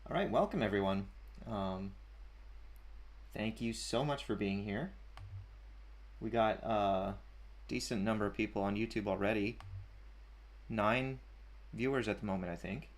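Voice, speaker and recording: Male streamer, low-pitched, casual chatty host reading comments into a desk mic. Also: unhurried, long pauses. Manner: chatty, chuckling, reads usernames aloud. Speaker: livestream host. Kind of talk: casual livestream chat, reading chat aloud. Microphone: desk mic at a streaming setup.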